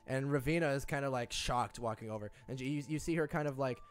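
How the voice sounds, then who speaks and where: A man's voice: medium pitch, fast talker, clear, resonant tone, soft background music. A young man narrating as game master, often stammering and restarting his sentences.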